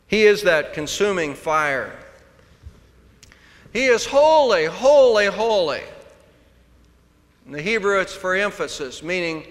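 A man preaching a sermon, swinging between hushed, quiet passages and loud, emphatic declarations. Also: a little high. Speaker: pastor. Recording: long hall reverb.

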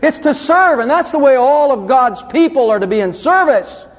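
A man with a notably high voice preaches a verse-by-verse sermon. He delivers it with animated emphasis that climbs and drops. The sound carries a long reverb, as from a large hall. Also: moderate pace. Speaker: pastor. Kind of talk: expository sermon.

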